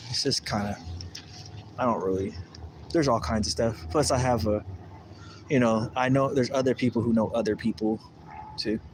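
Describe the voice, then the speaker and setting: Outdoors at a lake, a man hosts a casual livestream, rambling animatedly through a story and acting out the voices of the people in it. His medium-pitched voice moves at normal speed with frequent pauses, over a noisy background.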